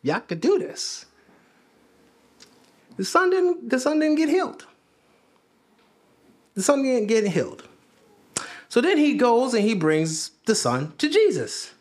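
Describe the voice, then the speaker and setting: Lively conversational preacher man. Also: extremely high pitch, a little slow, pauses often. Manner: conversational, asks the congregation questions; repeats phrases for emphasis. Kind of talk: sermon. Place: church.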